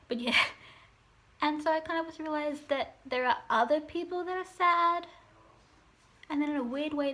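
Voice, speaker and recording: A woman's voice: sits high, fairly bright tone. A young woman, chatting to camera at home in a meandering, self-deprecating, wry way. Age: young adult. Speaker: vlogger. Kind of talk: casual confessional chat to camera.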